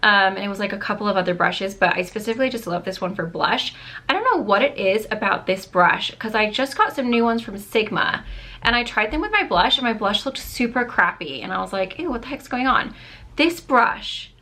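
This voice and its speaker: A woman's voice: medium pitch, lively intonation, brisk, bright, forceful tone. Chatty woman gushing about makeup. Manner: chatty, gushing, many fillers like "like" and "um". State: slightly losing her voice. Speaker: beauty vlogger. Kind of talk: casual makeup review chat.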